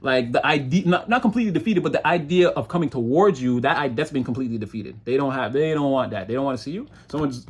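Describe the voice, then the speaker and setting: Husky man giving a rambling tarot reading. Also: quick pace, hardly any pauses. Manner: rambling, animated, puts on high mocking voices for quoted people. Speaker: tarot reader.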